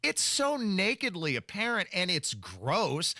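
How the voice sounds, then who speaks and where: A male talk radio host with a bright, pushy tone and a fairly high voice, recorded close and dry in the studio. He sounds sarcastic and mocking as he lays out his commentary. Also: wildly swooping pitch, measured pace, no echo. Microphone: studio microphone.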